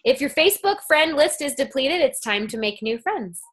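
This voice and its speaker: A woman's voice: high voice, sing-song, normal speed, a bit bright. A woman giving an enthusiastic, casual coaching talk on a team call, acting out conversations in her stories. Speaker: guest speaker on a sales team call.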